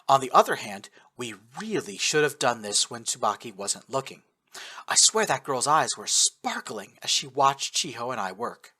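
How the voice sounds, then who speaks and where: A man narrating a first-person war story in an expressive, lively manner. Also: mid-range voice, moderate pace, breathy edge. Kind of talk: first-person audiobook narration of fan fiction.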